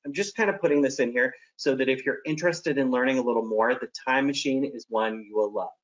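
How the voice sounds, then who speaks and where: Here is a man presenting a teacher training session, friendly and practical, with a voice of middle pitch. He acts out examples to make his points. The audio is dull and lo-fi.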